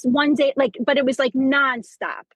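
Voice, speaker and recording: A woman's voice: high voice, steady tone, moderate pace, a bit bright, husky, no echo, low-quality recording. A teacher in her forties sharing a personal story on a podcast, talking in rambling bursts with many restarts and fillers. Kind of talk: casual chat.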